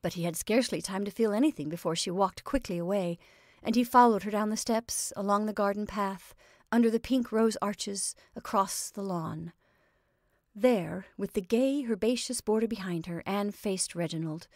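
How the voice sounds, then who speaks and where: A woman reading a classic short story aloud at a calm, even pace. Her voice sits in a middle pitch, and the sound is close and dry, with no room around it. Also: moderate pace, no room sound. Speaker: reader.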